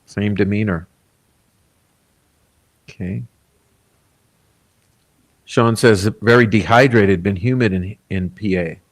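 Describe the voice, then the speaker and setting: A laid-back man with a fairly low voice hosts a casual livestream and reads viewer comments aloud. He rambles along with plenty of fillers and chuckles often. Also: takes it slowly, long pauses. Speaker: livestream host.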